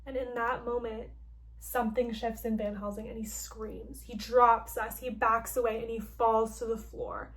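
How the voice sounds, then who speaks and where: A young woman recapping a game's story in a chatty, expressive way, filling her talk with "like". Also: a little high, unhurried, a little hiss or hum. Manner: chatty, heavy use of "like", playful and expressive. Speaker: gaming vlogger.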